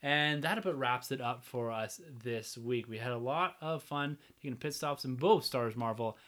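An upbeat man hosting a podcast, chatting casually with co-hosts and wrapping up the show. His voice sits at an ordinary middle pitch. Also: normal speed, a bit bright. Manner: upbeat, runs the discussion and outro. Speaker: podcast host. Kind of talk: casual chat.

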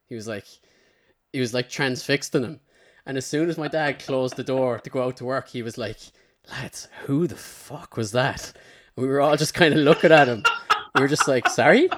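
A man's voice: medium pitch, fairly quick. Irish man telling a rambling story. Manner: rambling storyteller, slips into character quotes. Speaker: podcast host. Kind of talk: casual anecdote telling.

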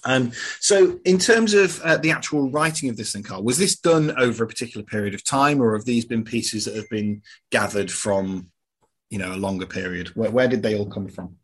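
Husky British man hosting a radio talk show. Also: fairly low pitch, moderate pace. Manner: relaxed and chatty, with many fillers. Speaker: radio presenter. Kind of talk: casual radio interview.

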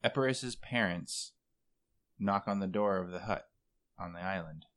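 A man's voice: low voice, a little slow, fairly bright tone. A man running a tabletop game, speaking in a dry, matter-of-fact way. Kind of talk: casual tabletop game chat.

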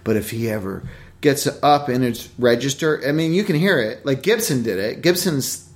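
A man's voice: medium pitch, animated, normal speed. A man who works as an actor, talking bluntly in casual chat and swearing for emphasis.

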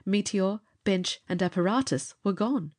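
A woman narrating an adventure story aloud, with measured, expressive storytelling. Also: medium pitch. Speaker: audiobook narrator. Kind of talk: dramatic audiobook narration.

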